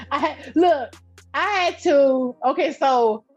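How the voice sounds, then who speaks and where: A middle-aged woman, a podcast guest and entrepreneur, talking in a loud, direct, animated way and telling stories with laughs. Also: high-pitched. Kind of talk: casual interview chat. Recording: dull lo-fi sound.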